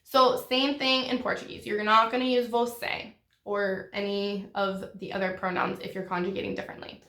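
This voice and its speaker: A woman teaching a language lesson to camera, spelling out and repeating each word in a slow, deliberate way. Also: medium pitch, little pitch movement, creaky, echoey room, over music.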